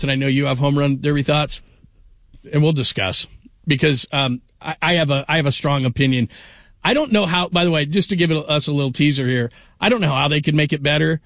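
A man's voice: a little high, a bit bright, no room sound, clean studio sound. A man filling in as a sports radio host, telling stories in a joking, rambling way with lots of restarts. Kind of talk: casual sports radio chat.

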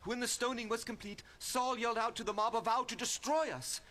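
An actor playing a grieving young male messenger in a radio drama, telling the news in a hushed, shaken voice. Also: very high-pitched, steady tone, brisk.

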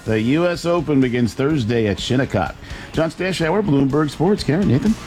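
A man anchoring a sports news segment, reading headlines in a brisk, scripted style. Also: mid-range voice, expressive, darkish tone, soft background music.

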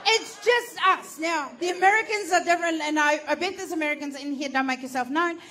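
A woman's voice: very high voice, brisk, few pauses, noisy background. An Australian woman doing stand-up storytelling, brash and sweary, laughing through her punchlines. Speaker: stand-up comedian.

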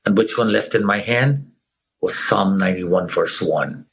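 A man's voice: deep voice, unhurried, creaky, slight background noise, low-quality recording. A middle-aged man telling his survival story with earnest feeling, acting out the people he quotes. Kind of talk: emotional personal testimony.

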